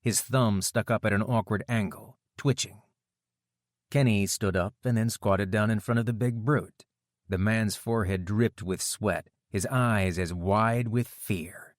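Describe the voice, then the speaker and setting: A male audiobook narrator with a low, grounded voice and steady, measured delivery. The recording is dry and close. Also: no room sound. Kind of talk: scripted narration.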